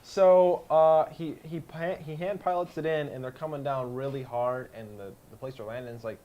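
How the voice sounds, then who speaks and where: A man's voice: fairly high pitch, fairly even intonation, moderate pace, warm tone, highs cut off. A young man co-hosting a casual podcast, animatedly retelling a show with silly voices and sound effects. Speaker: podcast co-host. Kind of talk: casual chat, recapping a show.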